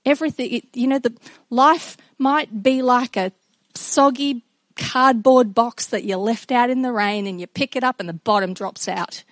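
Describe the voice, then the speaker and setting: A woman's voice: fairly high pitch, dry recording. Earnest woman giving a devotional talk. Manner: earnest and reflective, with halting restarts. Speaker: speaker addressing children and congregation.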